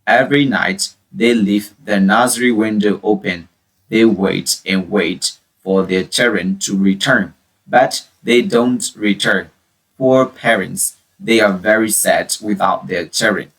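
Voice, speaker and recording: A man reading a children's story aloud for English learners, clear and deliberate. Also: lowish voice, fairly bright tone, far from the mic, poor audio.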